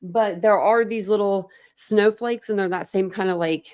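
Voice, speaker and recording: Speaking from a home room into a desk camera setup, this US woman runs a true crime livestream and casually chats with viewers. Her mid-range voice is smooth and darkish, with fairly even intonation and a normal pace, and she drifts between subjects with laughs and fillers.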